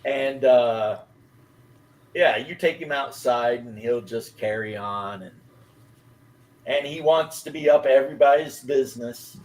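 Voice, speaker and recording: A man chatting casually on a live stream, telling rambling, animated stories. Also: mid-range voice, unhurried, a little hiss or hum. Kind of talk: casual chat.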